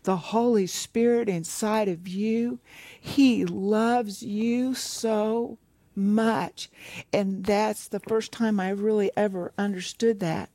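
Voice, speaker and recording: A woman's voice: mid-range voice, steady tone, takes it slowly, dark tone, no room sound. A woman co-hosting a Christian talk show, sharing a heartfelt, reflective memory in casual conversation. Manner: reflective, heartfelt, recalls past teaching. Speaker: co-host. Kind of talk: casual chat.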